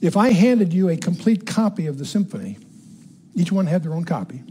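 A man's voice: high-pitched, sing-song, brisk, mellow, husky. An older man giving a Bible teaching to a room, emphatic, repeating key words and putting questions to his listeners. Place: room with a live audience.

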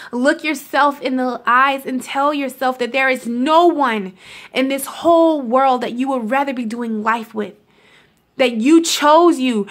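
Young female self-love vlogger, high voice, affectionate and chatty, talking to camera. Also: fairly bright tone. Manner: affectionate, calls viewers honey and love muffin, laughs often. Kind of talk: casual motivational talk to camera.

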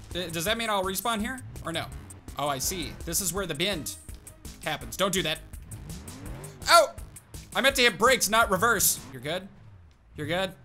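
Young man, high bright voice, excitable gameplay chatter, jokes to himself, soft music underneath. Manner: jokey, talks to himself and the car, sudden excited outbursts. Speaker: gaming YouTuber.

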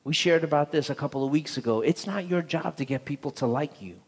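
A man's voice: on the high side, fast talker, breathy edge. Earnest preacher man in an echoing hall. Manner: earnest storytelling, repeats words. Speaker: pastor. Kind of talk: sermon. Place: church sanctuary.

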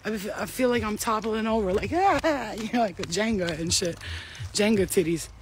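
A woman's voice: mid-range voice, brisk, slight background noise. A woman chatting casually while walking her dog outdoors, blunt and profane and laughing often. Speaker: vlogger. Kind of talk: casual chat.

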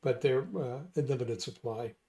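A man hosting a casual conversation, musing aloud and wandering through his points with many pauses. His voice sits at an ordinary middle pitch. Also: fairly even intonation, mellow. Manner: rambling, thinks aloud with fillers. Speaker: host. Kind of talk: casual chat.

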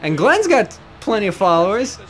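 With soft music in the background, this young man's high voice swings widely in pitch at a normal speed. He's a let's play host at home with a cat, casually rambling over gameplay, poking fun at himself and swearing a lot.

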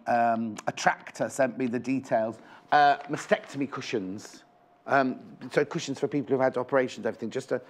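A man presenting a live shopping show, chatting in a bubbly way about the items on show into a clip-on microphone in a TV studio. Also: medium pitch. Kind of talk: live TV sales chat.

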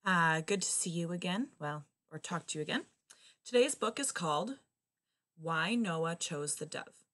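A woman reading a children's picture book aloud in an expressive, lively way. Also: lowish voice, measured pace.

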